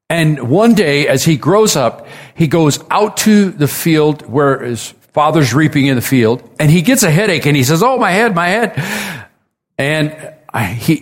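A man preaching a sermon, retelling a story with casual asides and acted-out quotes. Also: fairly high pitch.

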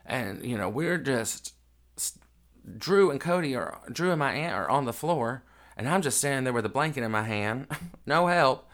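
A male podcast host recounts a family story in a mid-range, expressive voice at normal speed, with a fairly bright tone. His casual storytelling comes across as raw, emotional and unedited.

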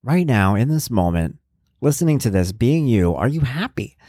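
A man's voice: medium pitch, very animated, normal speed, mellow, dry recording, studio quality. A man hosting his own podcast, talking casually and rambling through his thoughts with plenty of fillers. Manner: rambling, conversational, thinks aloud with fillers. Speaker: podcast host. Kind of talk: casual solo podcast monologue.

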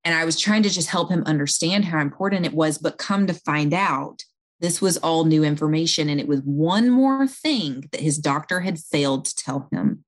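Woman in home health talking it through, lowish voice, earnest, lots of ums and restarts. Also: moderate pace. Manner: earnest, explanatory, with frequent fillers and restarts. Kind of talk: conversational storytelling.

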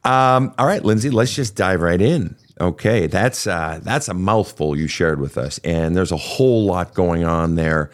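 Man, podcast host, counselor, conversational, repeats phrases, lowish voice. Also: lively intonation, measured pace, few pauses. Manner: repetitive, emphatic, thinking aloud.

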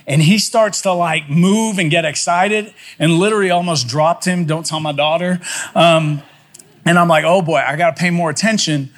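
A man with a noticeably high speaking voice tells a story from the pulpit. He is a middle-aged pastor, animated and self-mocking as he recounts his own blunder. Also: normal speed. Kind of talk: storytelling sermon.

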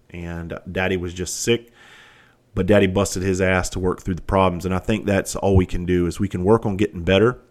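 A man hosting a podcast, talking candidly in a rambling, profane monologue. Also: low-pitched. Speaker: podcast host. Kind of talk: casual monologue.

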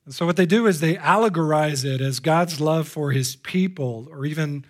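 Man, pastor preaching to a congregation; slightly high-pitched, lively delivery that jumps from exclamations to hushed asides. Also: normal speed. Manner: animated, swings between loud exclamations and hushed asides. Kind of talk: live sermon. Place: church before a congregation.

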